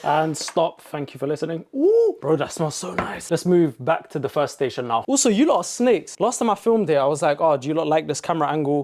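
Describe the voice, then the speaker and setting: A young man talks through a baking vlog in a kitchen. He speaks fast, with a slightly high voice and quick jokey asides. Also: a little mellow. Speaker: baking vlogger. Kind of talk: casual cooking vlog.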